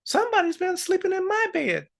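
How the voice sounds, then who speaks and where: Man doing a storybook mother bear, fussy, high and hushed. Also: sing-song, a little fast, gravelly, heavily acted. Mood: indignant. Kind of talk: storytelling a children's tale.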